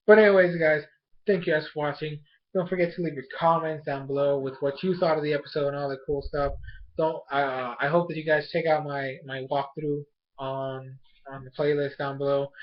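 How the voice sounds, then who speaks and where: A young man with a slightly high voice rambles excitedly through an episode recap, full of ums, likes and false starts. The recording sounds dull and lo-fi. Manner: rambling and excitable, lots of fillers and restarts. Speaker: anime episode reviewer. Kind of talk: casual recap and review.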